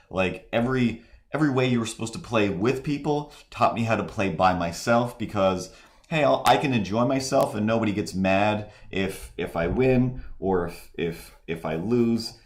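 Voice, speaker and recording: A man hosting a live stream, chatting casually and rambling with many halting restarts and fillers. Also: fairly low pitch. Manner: mimics voices in quoted asides. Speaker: streamer and host.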